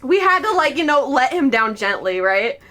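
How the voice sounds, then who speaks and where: A woman streamer telling a story in casual chat, swearing freely and breaking into laughs and loud outbursts. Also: sits high, sing-song, normal speed. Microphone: streaming mic.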